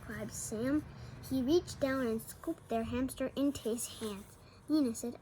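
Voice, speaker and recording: A woman reads a children's picture book aloud in a high voice, stumbling now and then and restarting a word. She adds small asides as she goes. A faint room hum stays under her. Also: measured pace, a little mellow, rough recording. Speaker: storybook reader.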